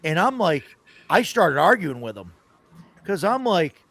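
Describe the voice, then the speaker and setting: A man's voice: on the high side, very animated, normal speed, a bit bright, slight background noise. A man hosting a casual tabletop gaming chat, telling stories in a rambling way and often laughing. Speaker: podcast host.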